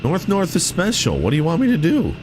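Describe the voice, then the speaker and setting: This young streamer sounds a little high and a little fast, his pitch swooping wildly as he plays a game live. He chats with his viewers in an easygoing way, often addressing them as "chat" and saying "dude," with noise in the background.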